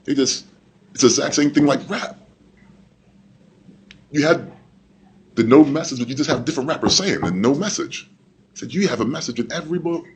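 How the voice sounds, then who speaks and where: A man on a convention panel telling a story with excitement, laughing and acting out what people said. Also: mid-range voice, fairly quick, long pauses. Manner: excited, laughing, acts out quotes. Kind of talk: casual storytelling.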